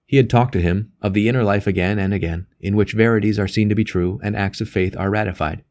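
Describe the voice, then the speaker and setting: Measured, low-voiced male narrator. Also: steady tone, a little mellow. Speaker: audiobook narrator. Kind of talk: audiobook reading.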